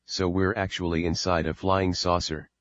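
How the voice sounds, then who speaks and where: A man voicing a panicked, confused adult daughter in an audiobook, reading in a plain, low voice on a dull, dry recording. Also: little pitch movement, normal speed, no room sound, natural voice. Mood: frightened.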